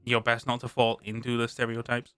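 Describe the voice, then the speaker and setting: A British man reads a tabletop rulebook aloud on his live stream, pausing to restart words and chat between sections. His medium-pitched voice is bright and crisp, with a completely flat delivery at a slightly fast pace. The mic sound is close and dry with no room sound, and faint music plays underneath.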